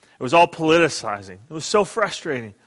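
A middle-aged man preaching a sermon as pastor, earnest and emphatic, dropping soft and quiet in prayer. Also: fairly high pitch, sing-song, a little fast, in a large hall.

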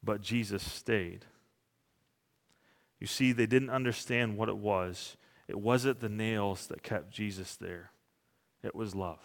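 A man's voice: fairly low pitch, steady tone, slow pace, vocal fry. A middle-aged man preaching a sermon in an earnest, fervent way. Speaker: pastor. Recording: reverberant hall.

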